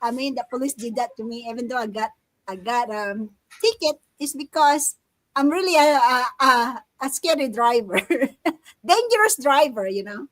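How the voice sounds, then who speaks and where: A woman's voice: on the high side, animated, normal speed, a bit bright, no room sound, poor audio. A woman on a video call telling a story in a casual chat, laughing and restarting her sentences. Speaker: accountability partner sharing in a group chat.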